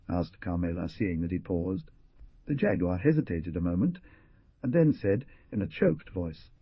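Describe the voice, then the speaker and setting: A man narrating an adventure audiobook in an expressive storytelling manner. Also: low-pitched, moderate pace, breathy edge, no room sound, dull audio. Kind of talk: scripted narration.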